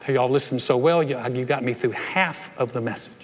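A man preaching a sermon as pastor, animated and acting out playful voices. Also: mid-range voice, brisk, noisy background. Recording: long reverb of a large hall.

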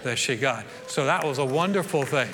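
A man's voice: medium pitch, lively intonation, moderate pace, background noise. A man preaching a sermon in a folksy, storytelling way, acting out quotes from the people in his story. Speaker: pastor. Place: church sanctuary. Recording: long church reverb.

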